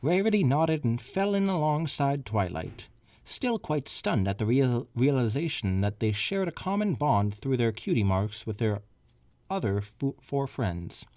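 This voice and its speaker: A man's voice: medium pitch, sing-song, a little slow, darkish tone, no echo. A man co-hosting a comedy podcast, reading fanfiction aloud and stopping to add asides. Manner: reads with asides and stumbles.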